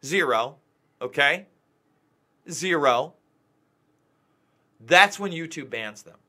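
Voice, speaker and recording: A man's voice: a little high, pushed and bright. A man hosting a live commentary show, talking in an agitated, ranting way and hammering his points home by repeating them. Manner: agitated, ranting, emphatic repetition. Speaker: news show host.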